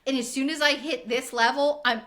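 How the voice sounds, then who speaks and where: Podcast co-host, woman, slightly high voice, bright edge, blunt, laughs a lot, swears. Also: fairly even intonation, fairly quick. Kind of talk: casual chat recapping reality TV.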